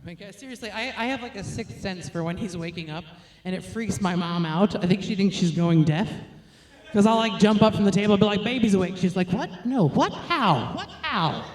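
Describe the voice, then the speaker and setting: A woman's voice: medium pitch, a little fast, a little mellow. Woman comic, frank and filthy, laughing at herself, recorded in an echoey club. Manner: crude, blunt and self-mocking; laughs between lines. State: nursing a baby on stage. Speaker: stand-up comic. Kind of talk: stand-up set. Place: comedy stage, roomy venue. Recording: roomy live venue recording.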